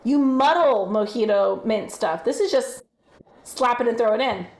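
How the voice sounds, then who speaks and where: A woman's voice: on the high side, normal speed, darkish tone, reverberant. A woman with a general American accent, casually chatting while cooking on a livestream, reading chat aloud and swearing freely. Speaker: streamer.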